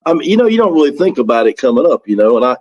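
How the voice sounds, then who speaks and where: A man with a Southern accent speaks as a musician guest on a casual radio interview. He tells rambling stories, circling back with restarts and chuckles. His voice sits at a medium pitch. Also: very animated, very fast, darkish tone, dull audio. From South Carolina, US. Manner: rambling storyteller, frequent restarts and laughter.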